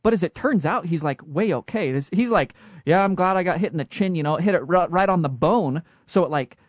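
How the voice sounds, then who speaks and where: A young man with a Utah accent, co-hosting a podcast in a casual, joking way with quick asides. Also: on the high side, expressive, no echo, studio quality. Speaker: podcast co-host.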